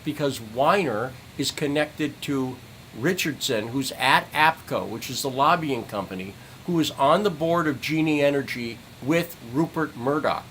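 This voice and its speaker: A man's voice: mid-range voice, animated, a little slow, a bit bright, slight background noise, rough recording. A middle-aged man livestreaming an angry, profane rant, repeating phrases for emphasis. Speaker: citizen journalist streamer.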